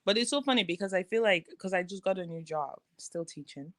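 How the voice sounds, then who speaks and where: Animated young woman telling stories. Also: fairly low pitch, fairly quick. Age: young adult. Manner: animated storyteller, acts out voices. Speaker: co-host, teacher. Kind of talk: casual chat.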